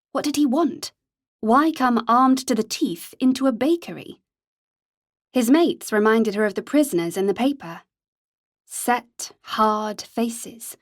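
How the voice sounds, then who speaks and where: A woman narrating an audiobook in a measured, steady storytelling manner. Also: fairly high pitch, no room sound, studio quality.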